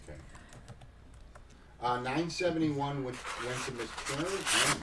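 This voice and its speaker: A man's voice: medium pitch, unhurried. A man helping at a live sale, logging buyers and trading teasing jokes in casual banter. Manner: joking, teasing replies. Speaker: helper logging sales. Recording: distant mic with clear noise.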